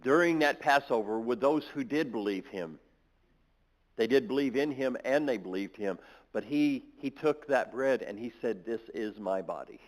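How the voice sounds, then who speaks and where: A man's voice: mid-range voice, normal speed, rough recording. Male pastor, mid-range voice, sermon reading and explaining scripture. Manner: reads scripture aloud then explains it, with restarts. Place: church.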